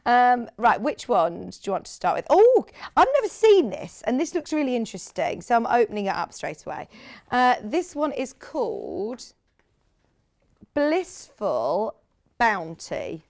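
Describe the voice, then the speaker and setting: A woman's voice: medium pitch, big pitch swings, measured pace, gravelly. A woman from the UK presenting sewing products on a live TV shopping channel, chatting with enthusiasm and gushing over fabrics. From United Kingdom. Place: TV studio.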